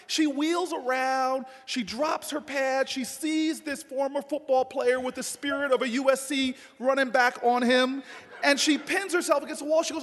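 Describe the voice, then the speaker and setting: A man giving a humorous dinner speech, telling an animated story and often shouting. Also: very high-pitched, measured pace. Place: large dinner hall. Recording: long hall reverb, faint noise.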